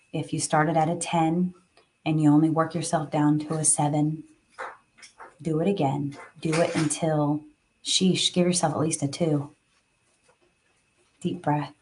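Woman, lowish voice, unhurried live tapping guide who talks softly and sighs between cues. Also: a little hiss or hum. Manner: slow, soothing, sighing between cues.

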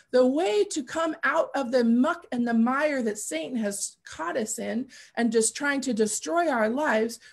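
Gravelly high-voiced woman preaching. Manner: earnest, repetitive, builds to fervent pleading. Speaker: guest speaker. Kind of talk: testimony preaching.

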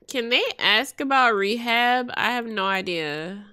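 A woman's voice: on the high side, lively intonation, a little slow, hardly any pauses, pushed and bright, clean tone. A young woman giving chatty, slangy commentary while playing a life-sim game, laughing often. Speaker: let's play host.

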